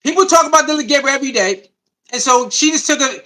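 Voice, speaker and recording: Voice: high-pitched, animated, quick pace, pushed and bright. A sports commentary host, reacting to clips and chat in a loose, repetitive way.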